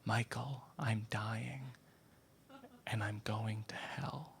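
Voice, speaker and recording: Scared sick mom whispering low and slow, a guy doing her. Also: fairly even intonation, natural voice. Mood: whispered dread. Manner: hushed, half-whispered, slow. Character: frightened bedridden middle-aged mother, insistent.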